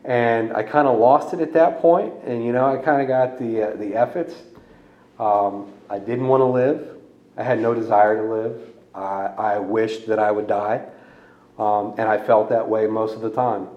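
A man's voice: lowish voice, steady tone, normal speed. Candid, wry man in an echoey room. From Louisiana. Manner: candid, wry, laughs at his own story. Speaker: speaker sharing a recovery story. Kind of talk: personal testimony talk. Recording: dull echoey room sound.

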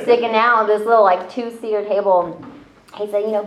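A woman's voice: mid-range voice, steady tone, fairly quick. A woman telling her own story in casual conversation, chatty and self-deprecating, with lots of fillers. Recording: roomy, slightly dull audio.

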